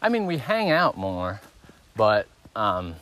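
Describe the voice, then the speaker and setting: A man's voice: lowish voice, wildly swooping pitch, takes it slowly, a bit bright, slight background noise. A young man co-hosting a podcast, chatting casually while hiking outdoors on a woodland trail, rambling and laughing often. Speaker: podcast co-host.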